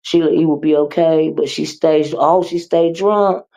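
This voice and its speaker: Woman on a livestream reading chat out loud, raspy gravelly voice, animated and teasing. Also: sits low, a little slow. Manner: animated, teasing, with repeated "uh-uh" and laughter. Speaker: livestream host reading viewer comments. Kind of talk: casual chat with viewers.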